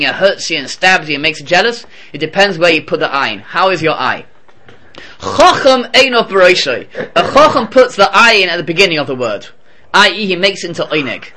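A man giving a Torah lesson in a lively, conversational storytelling manner. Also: a little high. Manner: animated, conversational. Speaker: Torah teacher.

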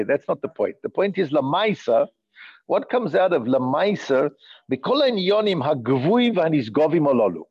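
A man's voice: fairly high pitch, creaky, darkish tone, husky, muffled recording. A man giving an informal Torah class in a study hall, explaining texts with many restarts, jokey asides and Yiddish-inflected phrasing. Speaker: Torah teacher. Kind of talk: informal Talmudic class lecture.

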